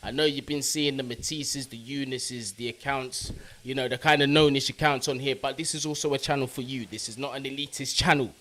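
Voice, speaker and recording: Man giving chat shout-outs. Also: mid-range voice, steady tone, a little fast. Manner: casual slang-heavy, shouting out chat viewers. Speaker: football fan channel host. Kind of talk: live stream chat with viewers.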